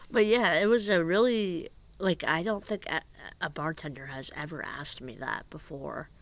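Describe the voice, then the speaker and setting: A man vlogging outdoors in a casual, rambling way, halting and hesitant, rueful and confiding, sometimes dropping to a hushed near-whisper. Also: on the high side. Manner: halting and hesitant, with repeated fillers and restarts. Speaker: vlogger and musician.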